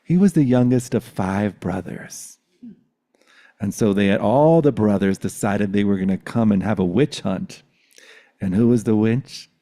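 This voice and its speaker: A man's voice: on the low side, a little slow, warm tone. A man in his forties telling a personal story in a reflective, meditative way on a video call, often laughing. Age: 40s.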